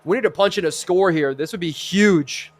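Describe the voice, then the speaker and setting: A man streaming a football video game live, calling each play in an energetic sportscaster style. His voice sits a little higher than most men's, and he breaks off to thank and chat with his viewers. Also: normal speed. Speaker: streamer and host.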